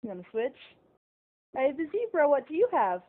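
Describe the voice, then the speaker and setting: A woman's voice: high voice, sing-song, fairly quick, phone-quality sound. A mother coaxing her toddler in a sing-song home video voice.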